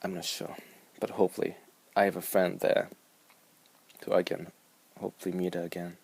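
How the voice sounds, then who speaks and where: A man's voice: low-pitched, level tone, fairly quick, vocal fry, darkish tone, breathy edge, no room sound. A young man with a Japanese accent, rambling and musing aloud in a casual vlog. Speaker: vlogger.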